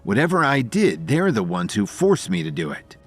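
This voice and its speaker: A man's voice: fairly low pitch, wildly swooping pitch, moderate pace, slightly rough, soft background music, exaggerated voice. A man playing a furious young hero. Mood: anguished. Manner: shouting, fierce, anguished. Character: furious young man defending his family.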